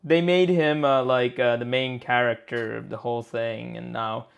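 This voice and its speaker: Gravelly man chatting loosely. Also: mid-range voice, steady tone, moderate pace. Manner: rambling and playful, searching for words aloud. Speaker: co-host of a live game design stream. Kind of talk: casual chat.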